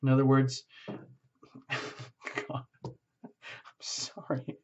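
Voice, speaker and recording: A man giving a tarot reading speaks frankly, searching aloud for the right words. His mid-range voice is a little mellow, with little pitch movement and drawn-out words. The lo-fi recording sounds slightly muffled.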